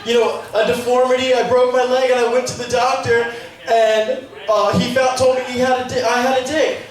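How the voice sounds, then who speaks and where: A man's voice: extremely high pitch, little pitch movement, moderate pace, voice pushed up. A man voicing a distressed young woman, whiny and upset, in an echoey room. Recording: echoey room, mic far off.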